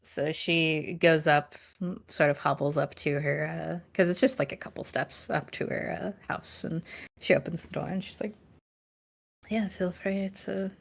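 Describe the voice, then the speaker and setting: A woman's voice: low voice, fairly even intonation, normal speed, gravelly. A woman running a tabletop game, narrating casually with many fillers. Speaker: game master.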